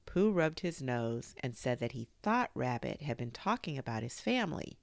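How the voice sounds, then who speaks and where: Low-voiced woman reading a story aloud. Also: creaky, dry recording. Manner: expressive, unhurried.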